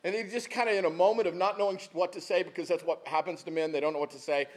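A man's voice: high-pitched, steady tone, fast talker. A man in his fifties, a pastor telling stories in a sermon, talking in a conversational, folksy way with asides to the congregation. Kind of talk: sermon with storytelling.

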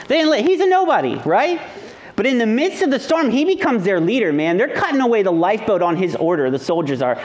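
A pastor with a notably high-pitched voice preaches in a loose, conversational way. He tells family stories with playful humor and mimics the people in them before turning to the scripture point. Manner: animated, jokey, acts out the people in his stories. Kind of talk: conversational sermon with storytelling.

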